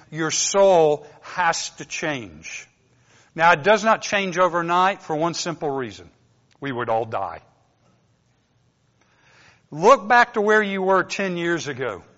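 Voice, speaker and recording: A man with a North Georgia accent preaching a relaxed, conversational sermon with folksy asides. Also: fairly high pitch. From Southern US. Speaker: pastor. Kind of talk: informal sermon. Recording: dull lo-fi sound with long hall reverb.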